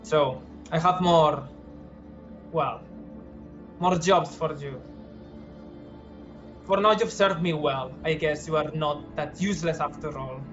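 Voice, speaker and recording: A man's voice: a little high, slow, long pauses, fairly bright tone, muffled recording, faint music behind. A man voicing a haughty, cruel drow matron with a Russian accent, barking clipped orders at a servant. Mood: disdainful. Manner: imperious, contemptuous, clipped orders.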